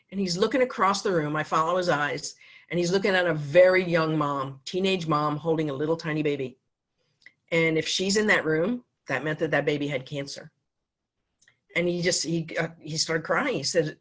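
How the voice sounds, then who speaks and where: A woman in her fifties giving a heartfelt speech at a club meeting, telling a personal story with pauses and restarts. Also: sits low, fairly bright tone. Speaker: foundation speaker at a club meeting.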